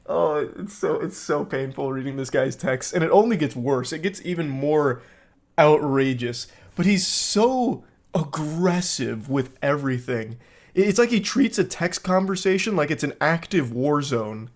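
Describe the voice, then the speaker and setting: A man giving comedic commentary on screenshots of text messages, deadpan with dry sarcasm. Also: on the high side, moderate pace. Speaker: online commentator.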